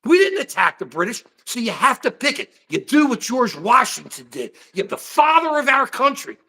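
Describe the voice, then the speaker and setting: Animated high-voiced older man ranting. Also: moderate pace. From United States. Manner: animated, rambling, addresses chat by name. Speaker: political livestream host. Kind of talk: heated political talk with chat.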